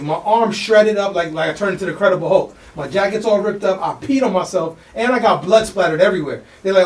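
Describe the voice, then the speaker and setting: A man co-hosting a podcast, telling a story in a fast, slangy, animated way and acting out the voices of people in it. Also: sits high. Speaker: podcast co-host. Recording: echoey room, mic at a distance.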